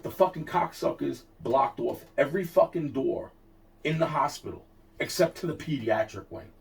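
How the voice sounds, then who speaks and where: An interviewee rants through a personal story, casual yet heated and full of profanity, often looping back and starting over. The distant mic picks up his fairly high, creaky voice at a moderate pace.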